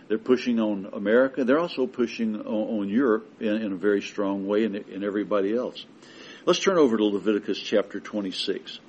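A man preaching a sermon with emphatic delivery that builds to forceful declarations. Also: on the low side, slightly rough, muffled recording.

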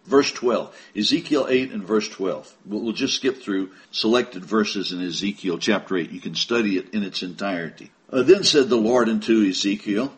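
A man's voice: on the low side, normal speed, few pauses. A man preaching a sermon, reading scripture aloud with rising emphasis and addressing listeners as brethren.

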